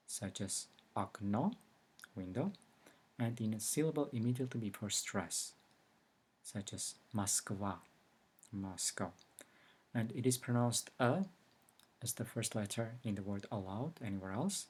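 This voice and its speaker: A man giving a recorded language lesson, explaining slowly and carefully with example words. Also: fairly low pitch, darkish tone, breathy edge. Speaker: language teacher.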